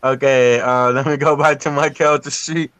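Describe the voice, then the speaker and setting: Man, game player, monotone, clear voice, dry sound. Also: mid-range voice, moderate pace, dry recording. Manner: unsure, checking rules. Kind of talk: tabletop game play.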